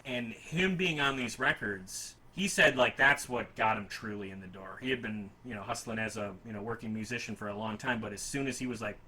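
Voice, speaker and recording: A man's voice: on the low side, brisk, hardly any pauses, bright, forceful tone, breathy edge, low-quality recording. A man hosting a casual music podcast, talking in a rambling, enthusiastic and self-deprecating way. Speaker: podcast host.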